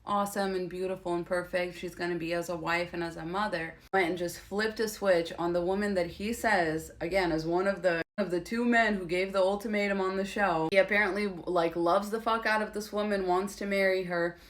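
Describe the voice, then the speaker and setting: A woman's voice: fairly low pitch, fairly even intonation, fairly quick, hardly any pauses. A woman giving casual, opinionated commentary, blunt and sarcastic and swearing freely.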